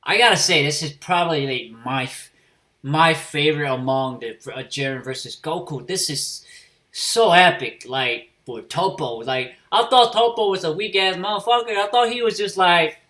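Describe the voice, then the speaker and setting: A man giving a casual spoken review of an anime episode, swearing freely and filling pauses with fillers and restarts. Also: on the high side, pushed and bright.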